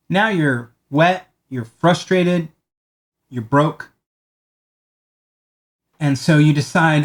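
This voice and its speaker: Animated man telling a story. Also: slow pace, long pauses. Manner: animated storyteller, acts out quoted lines in a higher voice; conversational, repeats words as he talks. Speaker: marketing speaker. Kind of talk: storytelling talk to camera.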